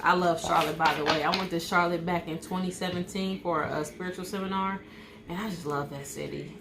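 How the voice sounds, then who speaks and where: A woman with a low, steady voice gives a casual live tarot reading as host, speaking briskly over some background noise. Her manner is reassuring, and she keeps checking in with "okay."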